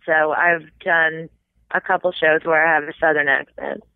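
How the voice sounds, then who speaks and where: A woman from the American South, a stage actress chatting casually as an interview guest, animated and quick to slip into little accent demonstrations. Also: sits low, no room sound. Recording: tinny phone-like dry sound.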